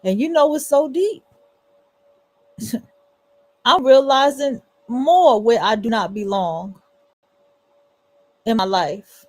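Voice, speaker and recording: A woman hosting a livestream, giving emphatic, repetitive reaction commentary with a husky voice. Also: fairly high pitch, slow, pauses often, a little mellow. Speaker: livestream host.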